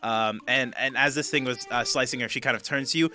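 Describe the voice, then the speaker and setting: Halting, bright-voiced man running a game. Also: medium pitch. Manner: halting, full of fillers and restarts. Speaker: game master. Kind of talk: narrating a tabletop game.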